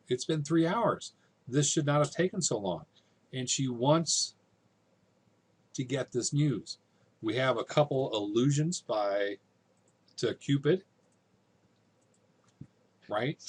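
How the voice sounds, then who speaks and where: A man's voice: mid-range voice, breathy edge. A man teaching a literature lesson in a casual, conversational way, often checking in with his listeners.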